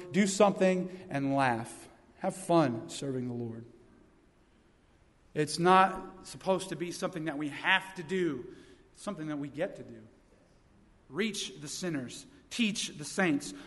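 A young man preaching in a church with a notably high voice. He swings between loud, punchy exhortations and easy storytelling, and his words ring out with a long hall reverb. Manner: energetic preaching with humorous stories. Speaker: youth pastor. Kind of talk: sermon. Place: church sanctuary.

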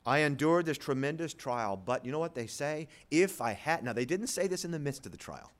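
A pastor preaching a sermon, swinging from loud rhetorical questions to low, quiet passages and acting out the voices of imagined listeners. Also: male voice, sing-song, brisk.

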